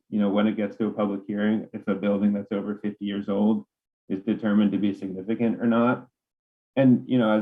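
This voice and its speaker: A man presenting a bylaw proposal at a town council meeting, halting, with many fillers and restarts. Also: fairly low pitch. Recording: tinny phone-like meeting audio.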